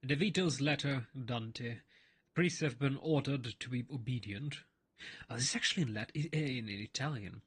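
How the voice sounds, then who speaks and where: A man's voice: medium pitch, moderate pace, fairly bright tone, breathy edge. A man chatting casually while playing a game, rambling through stories with frequent restarts and asides. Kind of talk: casual gameplay commentary and storytelling.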